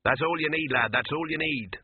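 A man voicing a gruff, teasing old male cameraman. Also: fairly high pitch, brisk, no echo, voice pushed up. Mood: knowing. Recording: tinny phone-like dry recording.

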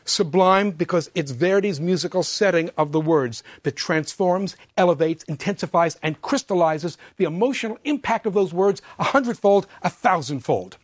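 A man explains an opera scene in a scripted talk, shaping each phrase with expressive emphasis. His voice sits a little high for a man. The sound is close and dry, with no room around it. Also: dry recording. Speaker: opera lecturer.

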